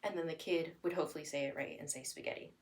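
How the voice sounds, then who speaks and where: A woman's voice: deep voice, fast talker. Young adult female instructor, plain explanatory delivery with playful child-directed demos, slightly distant mic. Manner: explains plainly, then acts out lively sing-song examples for a child. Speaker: demonstrator of listening and spoken language strategies. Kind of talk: instructional explanation with acted parent-child examples.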